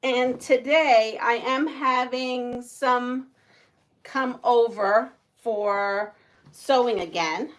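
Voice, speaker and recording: A woman's voice: a little high, extremely slow. A woman hosting a casual livestream, chatting and laughing with viewers. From United States. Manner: chatty, laughs often, reads viewer comments aloud. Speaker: livestream host.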